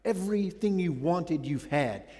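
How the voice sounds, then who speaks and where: A man voicing a stern prophet who slowly and gravely accuses a king. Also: fairly high pitch, lively intonation, warm tone, voice pushed up. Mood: accusing.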